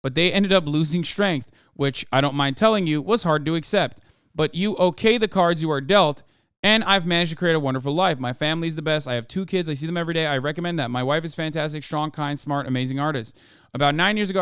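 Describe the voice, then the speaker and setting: Man putting on a smooth Icelandic accent, reading a letter, brief. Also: a little high, fast talker, a bit bright, dry recording, studio quality, close to an everyday voice. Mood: earnest. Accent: put-on Icelandic.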